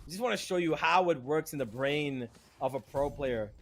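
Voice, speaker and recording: A young man casting a live esports match, excitable and jokey, with bursts of disbelief. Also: fairly high pitch, moderate pace, a little hiss or hum. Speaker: esports caster.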